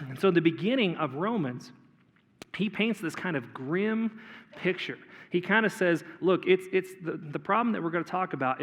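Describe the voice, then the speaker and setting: A male pastor preaching a sermon in a conversational way, often clearing his throat and repeating words. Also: a little high, a bit bright. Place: church auditorium. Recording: long hall reverb.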